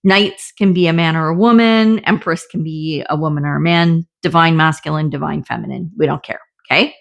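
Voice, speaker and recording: A woman's voice: deep voice, brisk, gravelly, lo-fi sound. A middle-aged woman giving a casual tarot reading, chatty and often laughing, with the odd swear word. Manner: chatty, laughing, swears, acts out little voices. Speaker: tarot reader.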